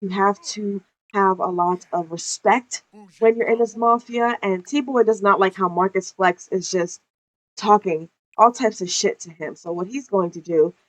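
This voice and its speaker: A woman's voice: medium pitch, unhurried, low-quality recording. Chatty, foul-mouthed woman gamer. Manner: profane, laughs often, chatty. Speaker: gameplay narrator. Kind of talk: casual game commentary.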